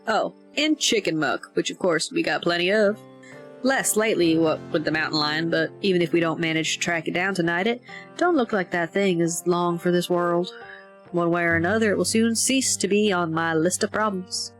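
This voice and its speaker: Gruff older farmer, voiced by a woman, folksy, faint music behind. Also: lowish voice, normal speed, close to an everyday voice. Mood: plain folksy. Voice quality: folksy, plain-spoken. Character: gruff older mountain man farmer, blunt.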